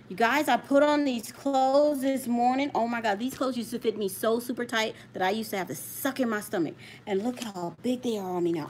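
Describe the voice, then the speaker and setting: Holding her phone, a woman runs a relaxed live stream from her home for her coin channel, talking at normal speed in a fairly high voice. Between chatty remarks to viewers, she keeps telling an unseen child to quit touching things, with a bit of background noise present.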